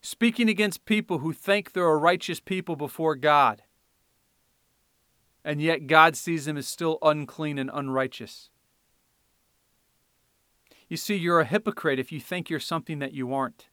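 A man preaching a sermon, swinging from quiet explanation to loud, fiery scripture reading. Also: on the high side, normal speed, long pauses, clean tone, no room sound, clean studio sound.

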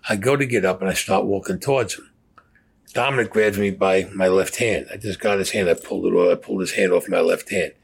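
A man's voice: low voice, fairly quick, vocal fry, husky. An older man telling a crime story in a blunt, profane, matter-of-fact way.

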